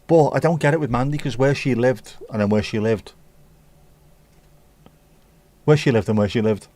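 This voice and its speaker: A man with a Scouse accent hosts a casual livestream, reading the chat aloud and bantering with viewers. His medium-pitched voice has a dark tone, and he talks fast.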